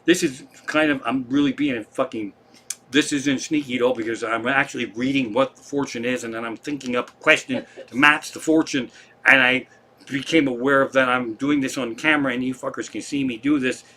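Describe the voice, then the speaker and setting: A man's voice: medium pitch, fairly even intonation, brisk, bright, forceful tone, slight background noise. A man hosting a comedy live stream from home, telling rambling, profane stories in casual chat.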